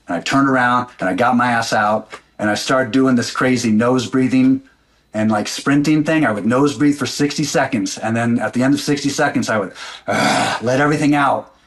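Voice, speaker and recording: A man's voice: mid-range voice, moderate pace, a bit bright. A middle-aged man, a podcast guest, telling a personal story in an intense, blunt way and swearing freely.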